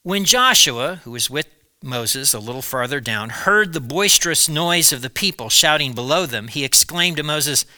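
A man preaching, retelling a Bible story in a lively storytelling way with small asides. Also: on the high side, normal speed, no room sound.

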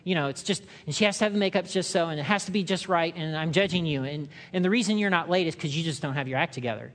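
Preacher man in a echoey church. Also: quick pace. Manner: conversational, acts out quotes in loud high voices. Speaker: pastor. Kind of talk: sermon.

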